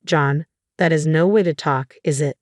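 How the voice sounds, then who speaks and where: A gentle, frail old mother-in-law speaks softly but firmly, as a woman reading the story voices her. The voice is low and deep, and the recording is dry and close. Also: moderate pace, dry recording, lightly acted. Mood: stern. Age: older. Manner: gentle, stern when roused.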